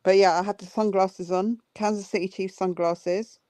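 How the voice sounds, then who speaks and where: A woman calling in from bed at home, chatting quickly and giggling between lines. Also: medium pitch, fairly even intonation, darkish tone, dry recording. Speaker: caller. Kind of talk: casual chat on a call.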